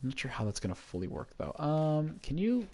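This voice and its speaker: A man's voice: on the high side, huge pitch swings, fairly quick, mellow. A man streaming a block-building game, chatting casually and rambling to himself with jokes as he plays. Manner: rambling, jokey, talks to himself.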